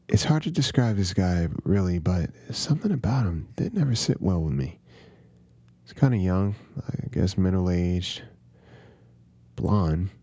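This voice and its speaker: A man's voice: low voice, warm tone, no echo. A man hosting a podcast, narrating a first-person horror story in a conversational, confiding way.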